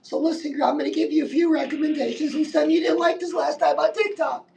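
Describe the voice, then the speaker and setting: A woman's voice: high voice, steady tone, fast talker, gravelly, a little mellow, recorded from a distance, slight background noise, low-quality recording. A woman giving a chatty live-stream pep talk as a life coach, keeps calling the listener "girl" and saying "listen".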